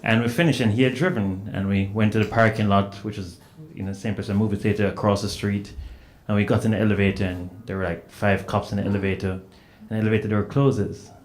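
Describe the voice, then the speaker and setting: A man from Jamaica with a Jamaican accent, telling anecdotes as a panelist, animated and full of "you know" fillers. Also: fairly low pitch, a little fast, hardly any pauses. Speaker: panelist author. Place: event hall at a book festival panel. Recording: roomy hall sound with faint noise.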